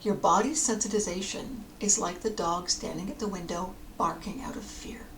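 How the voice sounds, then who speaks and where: A woman counsellor giving a calm, explanatory podcast talk, sometimes dropping to a near whisper. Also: on the low side, moderate pace, slight background noise.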